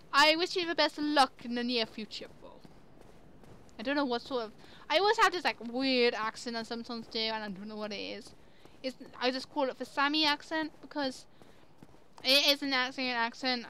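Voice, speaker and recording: A young woman commenting chattily on her own gameplay, quick to exclaim and laugh. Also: on the high side, pushed and bright, smooth. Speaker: gamer. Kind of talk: let's play commentary.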